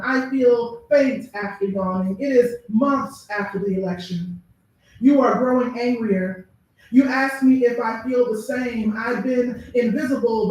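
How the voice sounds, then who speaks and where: A woman poet giving a measured, deliberate spoken-word reading with pauses at a live bookstore event. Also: fairly high pitch, darkish tone, far from the mic. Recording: very echoey room, heard from afar.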